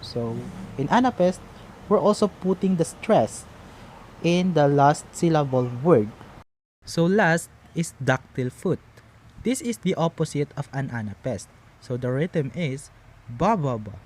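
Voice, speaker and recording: Slow, patient man explaining step by step. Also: fairly high pitch, lively intonation, a little mellow. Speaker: teacher. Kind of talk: slow classroom lecture.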